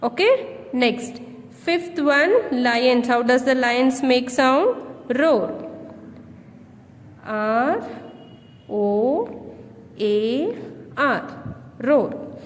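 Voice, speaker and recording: Indian english lady teacher, super slow, spells stuff out for little kids, long echo in the room. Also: high voice, big pitch swings, slight background noise. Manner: spells words letter by letter, addresses children. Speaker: primary school teacher. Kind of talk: slow classroom lesson.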